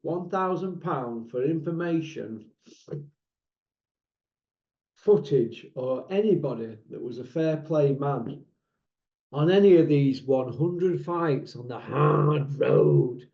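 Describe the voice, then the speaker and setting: A man's voice: on the high side, animated, slow, vocal fry. Blunt man in an echoey room. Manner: blunt, mocking, rhetorical questions. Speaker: boxing channel host. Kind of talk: casual opinion monologue. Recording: echoey room, dull lo-fi sound.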